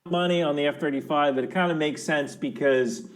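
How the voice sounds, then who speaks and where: Man, military analyst, casual commentary, chatty, fillers, restarts, somewhat high voice. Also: fairly even intonation, a little fast. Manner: conversational, loose with fillers and restarts. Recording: clip played from another video.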